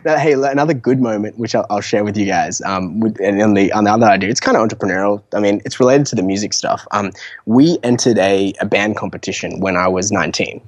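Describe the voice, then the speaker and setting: A man's voice: on the low side, fast, dry recording. A young man, an entrepreneur guest on an interview show, telling stories casually with lots of fillers, restarts and laughs. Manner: animated, laughs often, many fillers and restarts.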